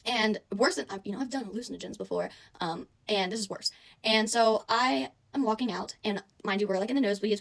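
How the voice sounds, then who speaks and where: Young woman rattling off a wild story quick, super chatty, lots of "like". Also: mid-range voice, gravelly. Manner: animated, chatty, lots of "like" and "I swear". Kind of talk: casual storytime monologue.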